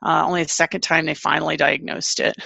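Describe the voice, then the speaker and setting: A woman author and family caregiver answering interview questions candidly, with halting restarts. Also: low-pitched, flat delivery, gravelly, sharp tone, slightly rough, dry recording.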